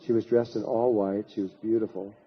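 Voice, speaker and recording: A man's voice: on the low side, little pitch movement, brisk, husky, lo-fi sound. A man giving a spiritual lecture, telling a long anecdote in a rambling way, with many restarts and repetitions. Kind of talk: storytelling lecture to an audience.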